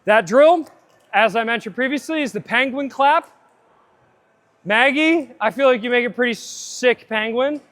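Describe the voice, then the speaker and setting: A man's voice: very high-pitched, a little slow, fairly bright tone. A man coaching a live fitness seminar, upbeat and chatty, drifting into side tangents.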